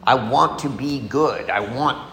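Sharing a recovery story, a man gives a candid, emotional personal testimony and acts out the voices of the people in it. His mid-range voice is unhurried, pushed, and bright. The echoey hall carries faint ambience plus a little hiss or hum.

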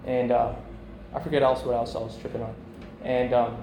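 A man's voice: mid-range voice, level tone, brisk, vocal fry, background noise. A man in his thirties speaking at a recovery meeting, candid and rambling with many fillers. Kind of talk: personal recovery talk. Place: meeting room. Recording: echoey room, faint ambience.

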